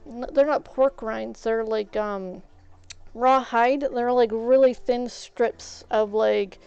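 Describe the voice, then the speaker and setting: Chatty woman streamer, smooth mellow voice. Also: a little high, slow pace, dry recording, muffled recording. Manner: rambling, animated retelling full of "I was like". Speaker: game streamer. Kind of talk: casual storytelling while streaming.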